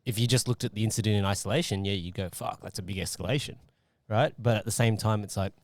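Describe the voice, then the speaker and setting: Casual male podcast host, lowish voice. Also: steady tone, quick pace, dry recording, studio quality. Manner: casual, thinks aloud with many fillers. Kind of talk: casual interview chat.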